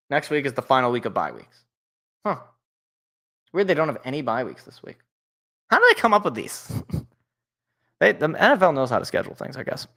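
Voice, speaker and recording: Young male sports-show host, fairly high voice, loose rambling delivery with jokey tangents. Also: a bit bright. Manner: rambling, self-deprecating asides, joking tangents. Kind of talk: casual solo sports talk.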